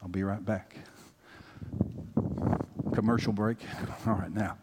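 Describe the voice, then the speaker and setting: A man's voice: on the low side, steady tone, takes it slowly, very noisy. A man from the American South preaching a conversational sermon as pastor, talking directly to his congregation and rising into emphatic bursts. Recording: long hall reverb.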